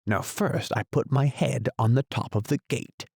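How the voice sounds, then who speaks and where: A man reading an audiobook, voicing a solemn, muddled male knight who talks gravely and slowly about his inventions. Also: mid-range voice, a little mellow, no echo, studio quality, pitched above the performer's own voice. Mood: grave, musing. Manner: grave, slow, musing. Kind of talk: audiobook character voice.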